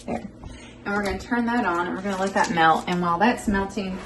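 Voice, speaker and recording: A woman's voice: mid-range voice, fairly quick, background noise. A woman hosting a home cooking vlog, chatting folksily to her viewers as she cooks. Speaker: cooking show host. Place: home kitchen. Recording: echoey kitchen, mic far off, loud kitchen clatter. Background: dishes and pans clattering.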